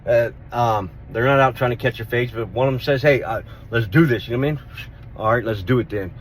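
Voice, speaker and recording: A middle-aged man telling a street fight story in a casual vlog, rough-spoken, swearing and repeating himself as he goes. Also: medium pitch, brisk, a little hiss or hum. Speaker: vlogger.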